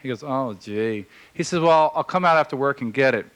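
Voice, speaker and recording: A man telling a long personal story in a casual, halting way, with many fillers, acting out the voices of the people in it. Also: mid-range voice, animated, fairly bright tone, clear, resonant tone, rough recording. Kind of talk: casual spoken anecdote.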